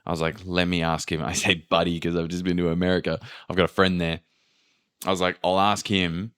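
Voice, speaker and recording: A man's voice: deep voice, brisk, clean tone. A man hosting a podcast, telling a travel story in casual chat, swearing freely and acting out what people said. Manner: animated, swears freely, acts out quotes. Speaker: podcast host.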